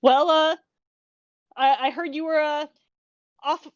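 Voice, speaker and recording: A woman's voice: sits high, fairly even intonation, slow pace, no echo. A woman player in a tabletop role-play, giggly and hesitant, recorded on a dull, dry mic.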